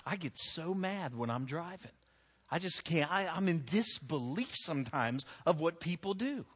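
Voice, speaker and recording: A man's voice: fairly high pitch, lively intonation, moderate pace, a bit bright, breathy edge. A middle-aged man preaching a sermon, telling stories about himself in a conversational way with frequent restarts. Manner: conversational, self-deprecating storytelling with frequent restarts. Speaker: pastor. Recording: long echo of a large hall.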